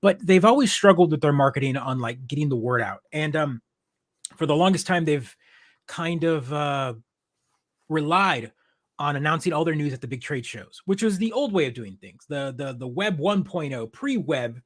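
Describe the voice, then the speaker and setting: A man's voice: a little high, lively intonation, normal speed. Rambling middle-aged podcast host, man. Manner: rambling, many restarts, laughs easily. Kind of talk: casual chat.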